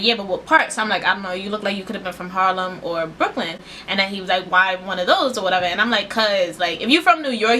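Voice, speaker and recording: Young woman vlogging a storytime, lots of slang, pitch jumping all over when she quotes people, bright sound. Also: a little hiss or hum. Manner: animated, acts out quotes with big pitch jumps. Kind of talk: casual storytime.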